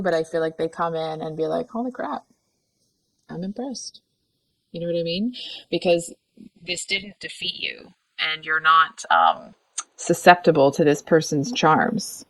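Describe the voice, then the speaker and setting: A lower-pitched woman talks through a tarot spread in a casual, frank way, getting animated as she goes. She keeps stopping to correct herself and checks in with the listener. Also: normal speed. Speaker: tarot reader. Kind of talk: casual tarot reading monologue.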